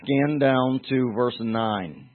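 A man's voice: mid-range voice, extremely slow. A man preaching a teaching sermon, explaining terms and putting questions to his congregation. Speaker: pastor. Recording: tinny phone-like sound.

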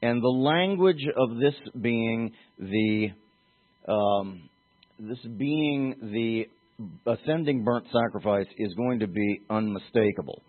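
Man, pastor, teaching sermon, mid-pitched voice, narrow tinny sound. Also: takes it slowly. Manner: teaching, explains terms, asks congregation questions.

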